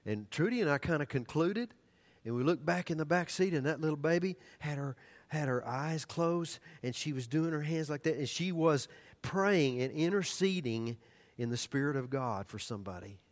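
An older man preaching a sermon, telling stories animatedly and then dropping to hushed, earnest tones. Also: a little high, animated, moderate pace. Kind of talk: sermon storytelling.

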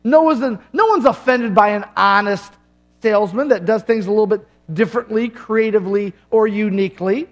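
Male pastor, middle-aged, very high voice, punchy sermon delivery with jokes and long pauses. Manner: emphatic preaching with dramatic pauses and humor.

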